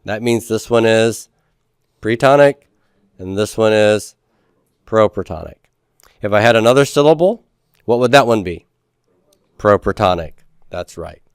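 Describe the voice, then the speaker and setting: A man's voice: fairly low pitch, animated, unhurried, pauses often, clear, resonant tone, no room sound, clean studio sound. A man lecturing a class on Hebrew grammar, explaining step by step and asking questions that he then answers. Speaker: Biblical Hebrew teacher.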